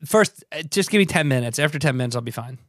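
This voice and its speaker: A man's voice: medium pitch, lively intonation, fast, a bit bright, dry recording, clean studio sound. A man, co-hosting a podcast in casual, rambling chat, trailing off and restarting his sentences. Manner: laid-back, rambling, many restarts. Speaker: podcast co-host, touring musician.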